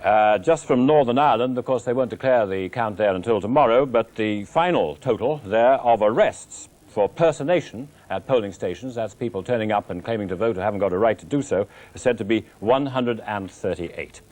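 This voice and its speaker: A male news anchor presenting election night coverage live, measured as he links between reports. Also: lowish voice, lively intonation, darkish tone.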